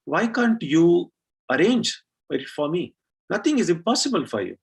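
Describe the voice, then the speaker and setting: A man's voice: high-pitched, big pitch swings, normal speed, gravelly, slightly rough, voice pushed up, heavily acted. A man voicing a devout little girl who speaks with passion and insistence as he tells a story to a temple gathering. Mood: pleading.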